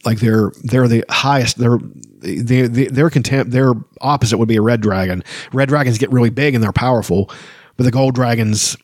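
A man's voice: medium pitch, moderate pace, no room sound, clean studio sound. Chatty man reading and rambling. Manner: rambling, chatty, reads passages aloud with frequent ums. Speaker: book discussion podcast host. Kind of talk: casual book reading and commentary.

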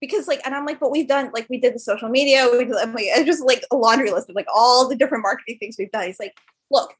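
Telling stories at a fast clip, this young adult podcast guest, a startup founder, fills her casual interview chat with "like" and other fillers. Her voice is a little high and has a breathy edge.

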